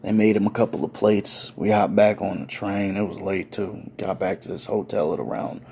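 A man's voice: on the low side, fairly even intonation, normal speed, gravelly, mellow, a little hiss or hum. A man telling a funny story in casual, profane street slang.

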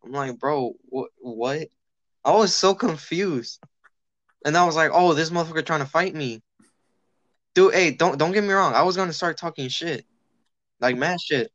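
A man's voice: fairly high pitch, normal speed, long pauses, dry recording, highs cut off. A young man chatting casually, swearing freely and telling a story while acting out the people in it. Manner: animated, swearing, acts out quoted people.

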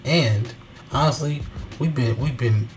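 A man's voice: mid-range voice, unhurried, faint music behind. Rambling young man co-hosting. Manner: rambling, restarts and laughs. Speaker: podcast co-host. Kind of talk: casual podcast banter.

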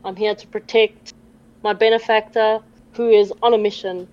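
A woman's voice: mid-range voice, steady tone, moderate pace, darkish tone, lo-fi sound. A woman playing a tabletop game, easygoing and wry. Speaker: player.

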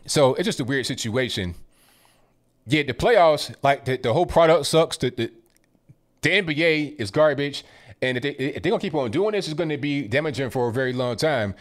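A man's voice: medium pitch, animated, brisk. A man hosting a live commentary stream, talking bluntly and dismissively, rambling with frequent restarts. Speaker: livestream commentary host. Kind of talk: casual political commentary stream.

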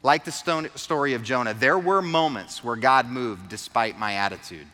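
A man's voice: mid-range voice, moderate pace, bright, forceful tone, big-room sound. A man preaching a sermon, retelling a story with earnest, emphatic repetition. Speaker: pastor.

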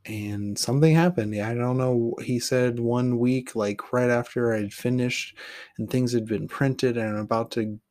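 A man's voice: medium pitch, fairly even intonation, a little slow, a little mellow. A man hosting his own podcast, talking through his path as a poet in a candid, rambling monologue with casual swearing. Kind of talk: reflective solo monologue.

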